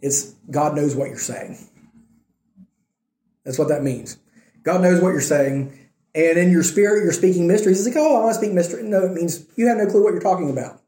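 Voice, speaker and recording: Male pastor, fairly high mellow voice, easygoing sermon delivery, roomy echo. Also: moderate pace, long pauses. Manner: conversational preaching, checks in with "right?" and "okay?".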